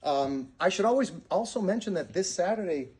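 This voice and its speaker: A man chatting casually as an interview guest, friendly and laughing often, with some halting restarts. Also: high voice, lively intonation, darkish tone. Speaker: interview guest, performer in a musical.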